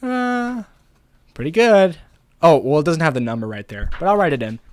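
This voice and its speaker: A man's voice: on the high side, very animated, moderate pace, a little mellow. A young man vlogging casually, thinking aloud in a rambling, playful way. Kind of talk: casual talking to camera.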